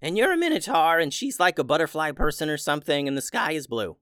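A man's voice: fairly high pitch, big pitch swings, fast, fairly bright tone, clear, resonant tone, no echo, clean studio sound, voice pushed up. A man voicing a small, sarcastic male chicken wizard in a children's story.

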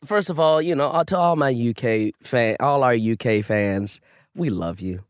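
A man's voice: mid-range voice, lively intonation, moderate pace, clean tone, no room sound, studio quality. A man co-hosting a casual podcast, laid-back and joking as he riffs on a reality show. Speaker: podcast co-host. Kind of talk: casual chat.

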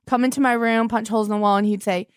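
A woman's voice: on the high side, steady tone, very noisy. A young woman hosting a comedy podcast, overwrought and flipping moods in a flash as she calls people on the phone. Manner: dramatic, overwrought, quick mood flips.

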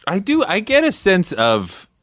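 A man hosting an interview, relaxed and asking short questions. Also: high-pitched, unhurried, dry recording, studio quality. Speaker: host. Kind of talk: interview conversation.

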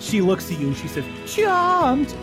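A man narrating as game master of a comedy tabletop game, animated and joking. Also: mid-range voice, over music. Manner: animated, joking, quick asides.

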